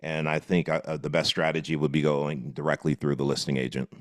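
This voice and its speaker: A man's voice: very deep voice, flat delivery, a little fast, pitched below the performer's own voice. A man playing a homebuyer who is fixated on getting the best price, in a sales script role-play. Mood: stubborn. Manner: insistent, impatient.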